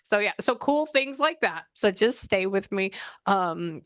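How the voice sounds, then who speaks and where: A woman's voice: mid-range voice, lively intonation, measured pace, fairly bright tone, no echo, clean studio sound. A woman working as a psychic medium, talking a client through a reading in a chatty, rambling way that often breaks off mid-sentence. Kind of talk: reading session over a call.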